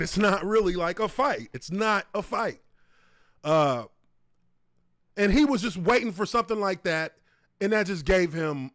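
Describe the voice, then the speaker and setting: A man's voice: sits high, no echo, studio quality. A man hosting his own show, giving casual, profane commentary on a video clip and talking straight to viewers. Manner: profane, animated, talks to viewers. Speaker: show host.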